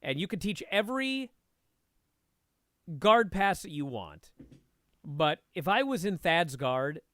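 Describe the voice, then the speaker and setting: A man talking as a guest and instructor, telling a story in a casual, animated way and swearing freely. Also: high voice, slow pace, no room sound, studio quality. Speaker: podcast guest, martial arts instructor.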